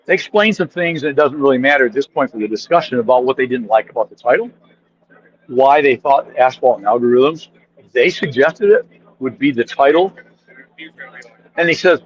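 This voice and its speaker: Animated man telling stories as a guest. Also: medium pitch, normal speed, muffled recording. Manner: animated storyteller acting out quotes, frequent restarts. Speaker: podcast guest, author. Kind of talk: casual chat.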